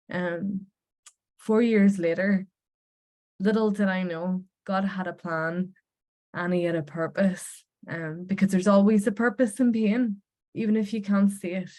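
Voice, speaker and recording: A woman's voice: medium pitch, mellow. A woman with a Northern Irish accent, giving an earnest, heartfelt personal faith testimony. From Northern Ireland. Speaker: Christian speaker sharing her testimony.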